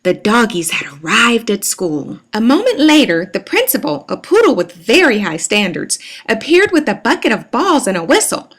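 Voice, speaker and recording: A woman reads a picture book aloud to young listeners in a bright, sing-song storytelling voice. Her pitch sits high and swoops around a great deal, animated all the way through. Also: normal speed, hardly any pauses, husky.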